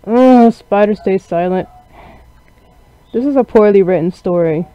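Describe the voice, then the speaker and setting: A man's voice: high-pitched, moderate pace, dry recording. A man reading a game story aloud with sarcastic, mocking asides, as a gaming channel host. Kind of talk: reading a visual novel aloud with commentary. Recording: dry, dull lo-fi recording.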